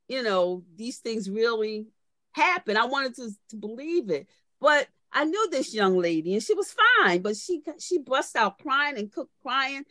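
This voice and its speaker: A woman's voice: mid-range voice, a bit bright, dry recording. A woman pastor delivering a sermon, moving from conversational storytelling to fervent preaching and calling out to members of her congregation by name.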